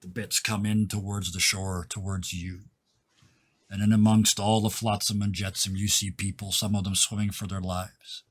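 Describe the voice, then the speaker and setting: Husky, low-voiced man narrating a game. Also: little pitch movement, normal speed. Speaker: game master.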